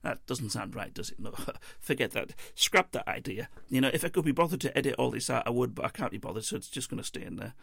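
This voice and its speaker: A man's voice: mid-range voice, animated, fast talker, creaky, few pauses, a bit bright, breathy edge, no echo, studio quality. A man telling a travel story in a casual, meandering monologue, chuckling and interrupting himself as he goes.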